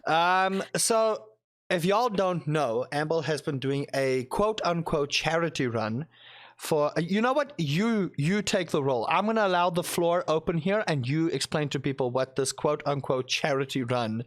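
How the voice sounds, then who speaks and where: An excitable male podcast host with a slightly raised pitch. He chats with his guest in a playful, theatrical way and jokes around with real enthusiasm. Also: moderate pace. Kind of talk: casual interview chat.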